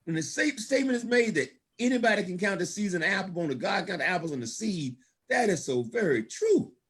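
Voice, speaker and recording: Very animated and a little fast, a guest speaker at a business opportunity event tells motivational stories in a high, fairly bright, husky voice. He breaks into laughter often and shouts praise in a folksy, preacher-like manner.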